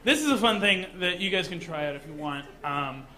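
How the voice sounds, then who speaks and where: A man from Canada doing a stand-up comedy set in a comedy club, mostly deadpan, with sudden loud put-on voices. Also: sits high, fairly quick.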